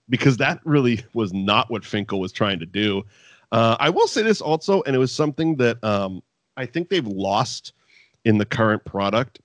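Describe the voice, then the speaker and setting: A man's voice: fairly low pitch, no room sound, studio quality. A man casually recapping an old wrestling show with a co-host, swearing freely and laughing often. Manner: profane, animated, laughs often. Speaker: podcast co-host.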